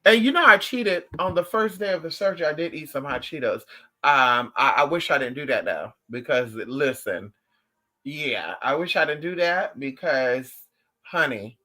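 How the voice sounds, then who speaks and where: Male streamer with a bright, somewhat high voice, sassy and profane, talking casually with viewers. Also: normal speed. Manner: animated, profane and sassy storytelling. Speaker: livestream host.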